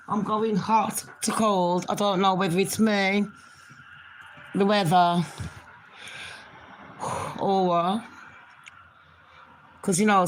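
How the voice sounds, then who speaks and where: Slight background noise sits under a middle-aged woman's medium-pitched voice as she chats to her viewers. The vlogger has a cold and a cough, and her talk to camera is casual, rambling and cheeky.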